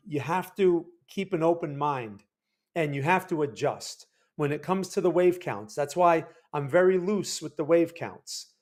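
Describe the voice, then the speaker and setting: A man's voice: fairly high pitch, a little mellow. A man hosting a livestream, casually talking through market charts and checking in with viewers. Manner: loose, conversational, keeps checking in with viewers. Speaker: livestream market analyst host.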